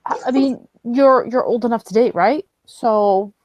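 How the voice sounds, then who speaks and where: A woman's voice: a little high, unhurried, a little mellow, dry recording, lo-fi sound. A woman playing a tabletop role-playing game, chatting casually with many restarts. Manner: chatty, hesitant, lots of restarts. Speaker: player.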